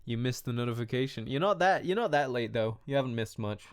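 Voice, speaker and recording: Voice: medium pitch, lively intonation, fast, slight background noise. A streamer chatting crudely and laughing often while playing a story game live. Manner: crude, giggly, self-mocking. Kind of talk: live gaming commentary.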